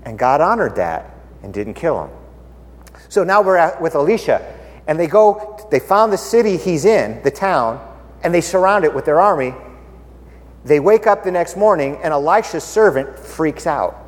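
A man's voice: on the high side, big pitch swings, moderate pace, in a large hall. A man preaching a casual, conversational sermon, playful and full of rhetorical questions, acting out the characters as he retells Bible stories.

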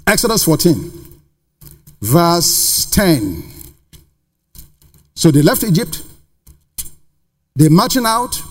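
A man's voice: on the high side, very animated, slow, pauses often. A man preaching a sermon to a congregation in a church, emphatic and full of rhetorical questions. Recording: long reverb of a large hall.

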